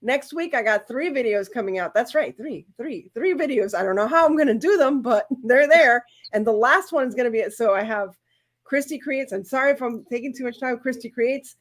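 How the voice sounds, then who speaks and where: A woman hosting a live-stream from her craft channel, talking casually and at length. She rambles warmly from one plan to the next, with heartfelt moments. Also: fairly high pitch, lively intonation, fairly quick. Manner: chatty, rambling, emotional.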